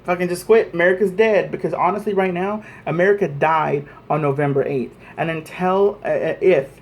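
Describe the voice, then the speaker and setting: A man's voice: fairly high pitch, normal speed. A man vlogging an angry, profane rant to camera, repeating himself as he presses his points.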